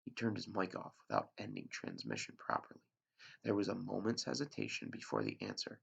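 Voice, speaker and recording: A male teacher reading a novel aloud to his class with expressive narration. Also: on the low side, normal speed, vocal fry, husky, highs cut off.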